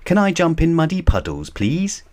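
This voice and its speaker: A man's voice: a little high, wildly swooping pitch, normal speed, a little mellow, pitched above the performer's own voice. A man voicing a cheerful, bossy little girl piglet in a storybook reading, talking eagerly and insistently. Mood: pleading.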